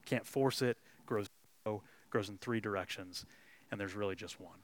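A man's voice: lowish voice, moderate pace. A man preaching a sermon as a pastor, earnest and storytelling. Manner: earnest, storytelling delivery with some restarts.

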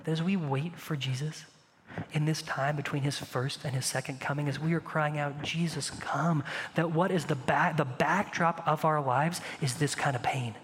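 A man preaching a sermon as pastor, conversational and animated, asking the congregation rhetorical questions. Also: on the high side, moderate pace, long reverb tail.

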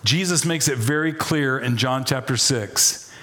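Animated preacher, a man delivering a sermon. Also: medium pitch, measured pace. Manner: animated, folksy preaching with asides and humor. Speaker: pastor.

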